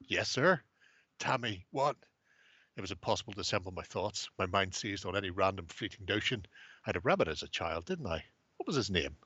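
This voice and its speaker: A man's voice: low voice, lively intonation, fast, a bit bright, slightly rough, dry recording. A man hosting a podcast, chatting casually with wry, sweary humor and reading an article aloud with relish. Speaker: podcast host. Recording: muffled lo-fi.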